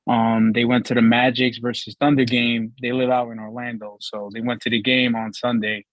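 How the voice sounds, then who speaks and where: A man co-hosting a sports talk show, teasing his partner with animated trash talk. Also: mid-range voice, moderate pace, dry recording, muffled recording. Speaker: co-host.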